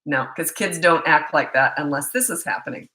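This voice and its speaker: A woman's voice: deep voice, moderate pace, pushed and bright, low-quality recording. A middle-aged woman parenting coach chatting and telling stories in a live webcam Q&A, laughing often. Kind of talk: live Q&A chat from home on webcam. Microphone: laptop webcam.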